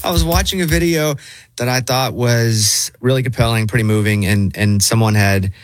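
A man's voice: medium pitch, moderate pace, over music. A man hosting a radio talk show, chatting casually and asking earnest questions. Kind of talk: casual radio chat and interview.

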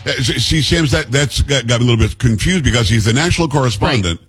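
A man's voice: medium pitch, lively intonation, fast talker, faint music behind. A man hosting a political talk radio show, delivering an emphatic monologue in short, punchy declarations.

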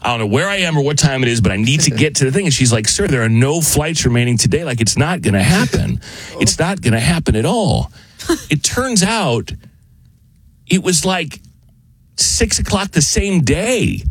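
An American man with a slightly high voice tells a story in casual chat, acting out each exchange. His voice is husky, and the recording is dry and close. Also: normal speed, dry recording. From United States. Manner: animated, acts out the dialogue, laughs while telling. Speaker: storyteller on a podcast.

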